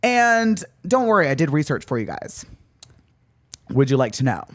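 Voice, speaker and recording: A young man hosting a podcast in casual chat, animated and dramatic with exaggerated outbursts. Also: a little high, normal speed, dry recording. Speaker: podcast host. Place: Venice, California.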